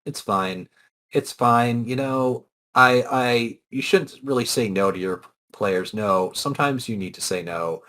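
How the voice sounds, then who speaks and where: A man who ran the tabletop games, chatting casually about past sessions, unhurried with fillers and bursts of laughter. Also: medium pitch, fairly bright tone. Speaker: former game master, podcast co-host. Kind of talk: casual storytelling chat.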